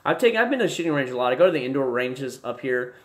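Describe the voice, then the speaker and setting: A young man casually chatting to his livestream viewers from a room at home, rambling, restarting sentences and breaking into excited bursts. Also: medium pitch, very fast. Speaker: livestream host. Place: home room with desk and gear.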